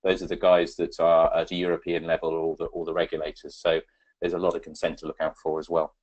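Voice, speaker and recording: A man's voice: sits low, monotone, fast, a little mellow, muffled recording. A man presenting a webinar on data protection, talking with many ums and restarts as he answers audience questions.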